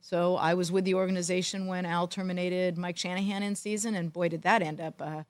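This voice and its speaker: A middle-aged woman co-hosting a sports talk show, telling a long story in a wry, animated way. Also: on the low side, brisk. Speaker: podcast co-host, former football executive. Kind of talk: storytelling in casual chat.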